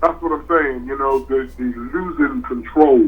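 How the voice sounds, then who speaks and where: A man's voice: medium pitch, steady tone, moderate pace. An older man with a grandson, co-hosting a podcast in folksy, plainspoken casual chat. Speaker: podcast co-host. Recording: tinny phone-like line.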